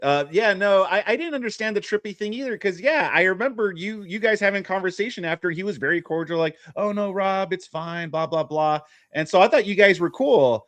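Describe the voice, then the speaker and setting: A man talking fast in casual stream chat. His voice sits fairly high. The sound is dry and close. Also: lively intonation, a bit bright, no room sound. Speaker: guest.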